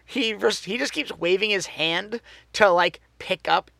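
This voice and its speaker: A man's voice: high-pitched, a little slow, vocal fry, pushed and bright, no echo. A man co-hosting a casual podcast, animatedly retelling scenes, acting out dialogue and laughing often. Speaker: podcast co-host. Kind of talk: casual chat recapping a TV show.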